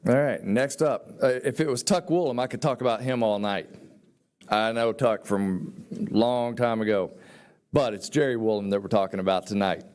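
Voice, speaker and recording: A man's voice: fairly low pitch, moderate pace, darkish tone. A man emceeing a hall of fame banquet, introducing inductees in a folksy, admiring way. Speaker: master of ceremonies. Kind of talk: ceremony introductions.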